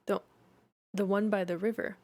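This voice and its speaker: A woman's voice: medium pitch, level tone, normal speed, darkish tone, no room sound, natural voice. A woman voicing a soothing but firm young woman in a storybook reading.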